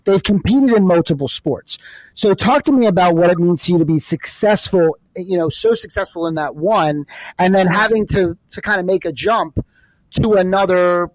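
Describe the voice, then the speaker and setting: High-voiced rambling male podcast host. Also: normal speed, no room sound, low-quality recording. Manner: rambling, restarts, laughs often. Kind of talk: casual podcast chat.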